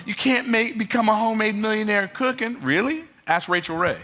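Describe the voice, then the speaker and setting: A man's voice: sits high, fairly quick, few pauses, sharp tone. A man giving a motivational talk, emphatic and joking, repeating his key phrases for effect. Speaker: motivational speaker.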